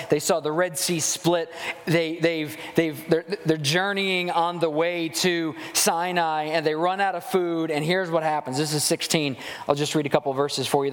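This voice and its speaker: A man preaching a sermon as a pastor, animated and acting out grumbling voices as he goes. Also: on the high side. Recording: long hall reverb.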